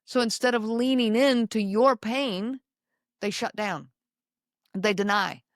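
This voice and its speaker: A woman hosting a podcast, speaking slowly and emphatically to her listeners and repeating key lines. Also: a little high, no room sound, clean studio sound. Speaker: podcast host. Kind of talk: solo talk to listeners.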